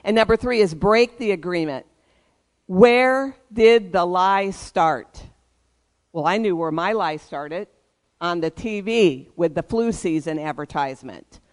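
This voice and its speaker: A pastor delivers a sermon with emphatic, preaching cadences. The voice is clear and resonant, sitting in an ordinary middle pitch. The pastor calls for responses from the congregation. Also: expressive, a little slow.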